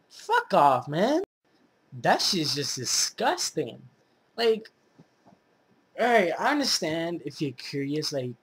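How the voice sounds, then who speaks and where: A young adult vlogger in a blunt, profane, rambling rant to the camera, full of fillers and restarts. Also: medium pitch. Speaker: YouTube vlogger. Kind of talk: casual ranting monologue.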